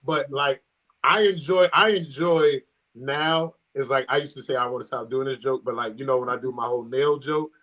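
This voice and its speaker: A man's voice: mid-range voice, normal speed, fairly bright tone. A man from New Jersey, a comedian guest chatting loosely with slang and fillers. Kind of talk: casual chat.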